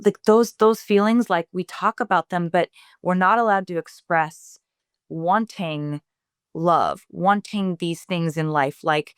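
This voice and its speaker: A woman with a smooth, resonant voice, pitched a little low, speaks over a video call in a relaxed interview. She is reflective and often pauses to find the right word. The sound is dry and close. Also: no echo. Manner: reflective, searching for words as she talks. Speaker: singer-songwriter guest. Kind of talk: casual interview.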